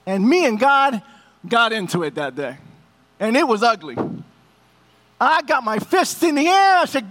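High-voiced man preaching a heartfelt sermon. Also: big pitch swings, moderate pace, a bit bright. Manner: emotional storytelling, addresses congregation as family. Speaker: pastor.

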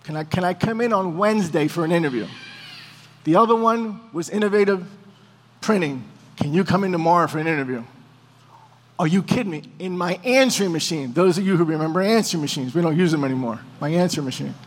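A man's voice: a little high, animated, fast talker. A man telling a personal testimony to a congregation, acting out both sides of the conversations as he goes. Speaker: preacher giving testimony. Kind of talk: storytelling testimony. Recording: long hall reverb.

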